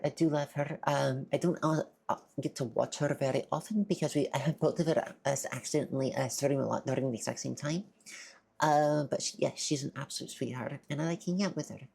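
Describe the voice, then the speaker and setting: Woman streamer, very deep voice, shy and stammering, husky tone, casual live-stream chat. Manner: soft-spoken, shy, stammering.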